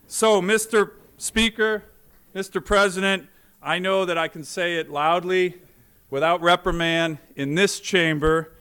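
Smooth-voiced middle-aged man giving a speech. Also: sits high, unhurried, sharp tone. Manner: joking, self-deprecating. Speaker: US senator addressing a legislature. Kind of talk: formal speech with personal anecdotes. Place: legislative chamber.

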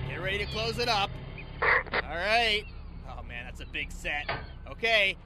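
A man's voice: sits high, sing-song, unhurried, heavy background noise. A man playing a hot-tempered fishing skipper. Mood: yelling. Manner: yells in exasperation, then turns mock-soothing. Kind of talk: radio comedy sketch acting.

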